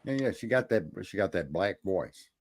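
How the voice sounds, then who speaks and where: A man's voice: low-pitched, animated, normal speed. A man co-hosting a casual political chat, rambling, swearing often and restarting his sentences. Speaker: podcast co-host.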